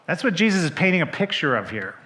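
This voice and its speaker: A man's voice, a little high and fast, carries a pastor's sermon. He narrates the story with animation, acting out what the characters say, and addresses questions straight to the congregation.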